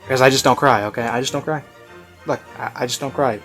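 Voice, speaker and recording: A man's voice: mid-range voice, fast, fairly bright tone, soft background music. Rambling man reviewing a video. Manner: rambling, heavy on fillers like "you know" and "like"; offhand, self-mocking. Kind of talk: casual commentary.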